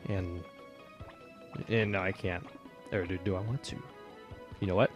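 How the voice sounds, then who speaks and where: A man's voice: deep voice, steady tone, unhurried, muffled recording, over music. A man with a slight Southern US accent giving casual, rambling commentary over a game playthrough. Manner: rambling, many fillers and restarts. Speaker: let's player.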